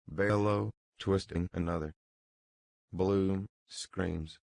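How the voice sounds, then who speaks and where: A man giving scripted audiobook narration in a steady, even read into a close studio mic. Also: low-pitched, measured pace, vocal fry, no echo.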